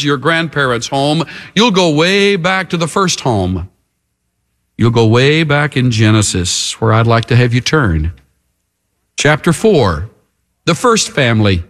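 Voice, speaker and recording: A man's voice: a little high, a bit bright. A man preaching a sermon in a dramatic, emphatic style. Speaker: pastor.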